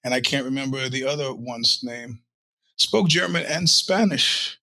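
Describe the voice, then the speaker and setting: A man's voice: medium pitch, a little slow, creaky, sharp tone. A middle-aged man hosting a podcast, telling stories in a casual, profane monologue and acting out the voices of the people he quotes. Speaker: podcast host.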